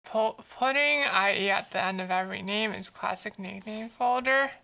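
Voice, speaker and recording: A woman's voice: mid-range voice, moderate pace, vocal fry, pushed and bright. A woman streamer chatting casually while she draws, answering chat messages aloud in a playful, teasing way.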